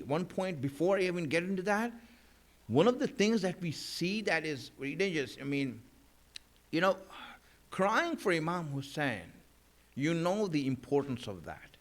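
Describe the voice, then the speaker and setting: Slow-paced man giving a sermon. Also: mid-range voice. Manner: conversational, many fillers and restarts. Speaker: religious speaker. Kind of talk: mourning sermon. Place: mosque hall.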